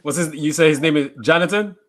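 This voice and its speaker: A man from Saint Croix co-hosting a podcast, chiming in with quick affirmations. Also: a little high, a bit bright. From Saint Croix, U.S. Virgin Islands. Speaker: podcast co-host. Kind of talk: casual chat.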